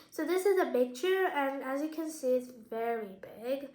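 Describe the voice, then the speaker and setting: A woman with a high voice reads a picture book aloud for children, pausing to chat about the pictures and quiz her listeners. Her voice rings in an echoey room. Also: animated, darkish tone. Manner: casual, explains the pictures and asks questions. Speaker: children's story reader.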